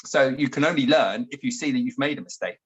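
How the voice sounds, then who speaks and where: A man's voice: medium pitch, fast, husky, muffled recording. A man, co-hosting a casual chat and telling a story about his own day. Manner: chatty storyteller, animated when acting out his own outbursts. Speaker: co-host.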